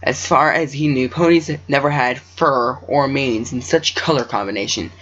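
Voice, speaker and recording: A man's voice: mid-range voice, moderate pace, a bit bright. A man reading his own story aloud, stumbling over words and breaking off into joking asides. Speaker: amateur story reader. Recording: dull lo-fi recording.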